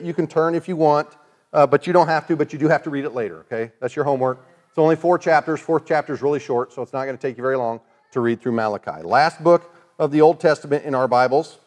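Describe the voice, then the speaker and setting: A man preaches a sermon in a relaxed, conversational way. His voice sits a bit on the high side, and he briefly acts out the voices of the people he quotes. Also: fast. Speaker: pastor.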